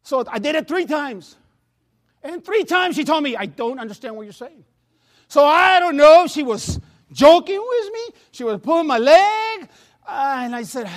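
High-voiced Spanish-accented man preaching. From Latin America. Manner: repeats words and restarts, laughs at himself, storytelling. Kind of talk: sermon. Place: church sanctuary.

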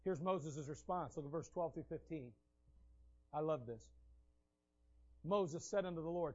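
A man preaching a sermon, telling the scriptural stories in an animated way and acting out the scenes. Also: fairly high pitch, a little slow, pauses often, highs cut off.

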